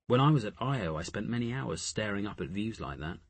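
A man voicing a wistful older male traveller in an audiobook, murmuring softly. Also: lowish voice, expressive, a little fast, husky, no echo. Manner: murmuring, soft.

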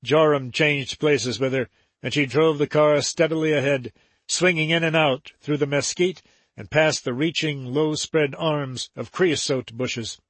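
A man reads a novel aloud in a measured, steady voice. His tone is husky, a little higher than most men's, and recorded dry and close with no room around it. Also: no room sound. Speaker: narrator. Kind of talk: audiobook narration.

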